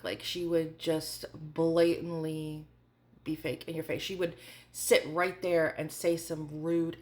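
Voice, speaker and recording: Chatty woman in her forties, lowish voice. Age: 40s. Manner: chatty, candid storytelling with many fillers. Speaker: vlogger. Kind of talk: storytime vlog.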